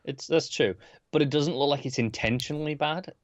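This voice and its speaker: A man's voice: on the high side, brisk, no room sound, lo-fi sound. A laid-back man co-hosting a podcast, chiming in casually about movie trailers with short replies. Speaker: podcast co-host.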